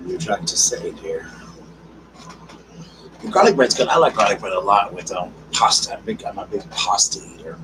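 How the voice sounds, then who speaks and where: A man's voice: low voice, lively intonation, moderate pace. Chatty man, distant mic. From South Carolina. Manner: chatty and affectionate, calls viewers girl, darling, honey. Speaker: live stream host. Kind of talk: casual live stream chat, reading viewer comments. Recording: distant mic with noticeable background noise.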